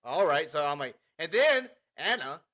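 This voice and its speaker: Young man, bright voice, fairly high pitch, animated storyteller, laughs a lot, casual podcast chat. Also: moderate pace. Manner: animated, laughing, acts out dialogue. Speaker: podcast co-host.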